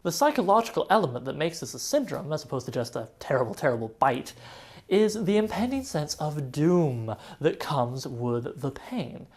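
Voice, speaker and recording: Low-voiced woman with a lively, wry delivery. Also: moderate pace. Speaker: web show host. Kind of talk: scripted comic monologue.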